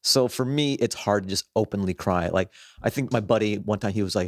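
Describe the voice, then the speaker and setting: A man, a comedian guest on a podcast, talking in relaxed, wry, casual banter. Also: on the low side, fairly quick, no echo, studio quality.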